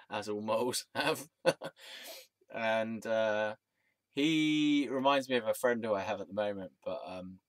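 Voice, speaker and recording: A man's voice: lowish voice, no room sound. A young man telling a rambling personal story, laughing at himself often. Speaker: vlogger. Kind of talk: casual storytelling.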